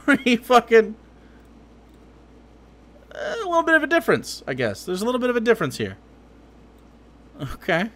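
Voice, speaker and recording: Male streamer, high voice, swings widely, sarcastic and cursing, political reaction commentary. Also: sing-song, moderate pace, long pauses, sharp tone. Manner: sarcastic, profane, heated.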